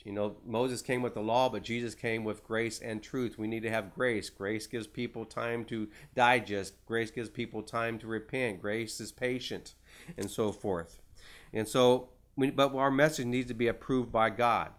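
A man's voice: medium pitch, fairly even intonation, a little slow. A man preaching a conversational sermon in an earnest, folksy way, with frequent filler words. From United States. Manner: folksy, many "you know" fillers, earnest.

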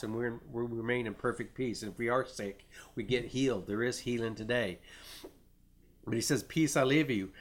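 A middle-aged man preaching a sermon in an earnest way, often restarting phrases and reading scripture aloud. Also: mid-range voice.

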